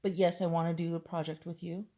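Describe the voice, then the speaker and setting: A woman with a fairly low voice talks loosely on a podcast. She rambles through her thoughts, laughs often and drops a casual swear now and then. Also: little pitch movement, quick pace, dark tone. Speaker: podcast co-host. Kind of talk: casual chat.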